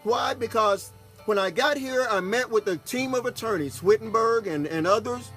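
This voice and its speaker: A man's voice: high-pitched, normal speed, fairly bright tone, soft background music. A man, a pastor, telling a personal story in a folksy, casual way, often checking in with "okay?". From Texas. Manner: folksy, repeats "okay?" to the audience. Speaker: pastor and broadcast host.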